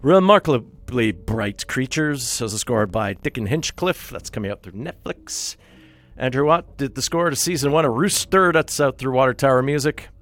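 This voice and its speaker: A man's voice: medium pitch, lively intonation, normal speed, fairly bright tone. A man hosting a radio show, reading out a list of soundtrack releases in a casual, wry way and correcting himself as he goes. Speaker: radio host.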